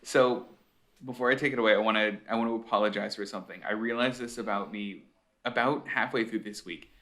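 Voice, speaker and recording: A man's voice: on the low side, fairly quick, fairly bright tone. A man co-hosting a casual podcast over a video call, enthusiastic and self-deprecating. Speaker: podcast co-host. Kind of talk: casual chat.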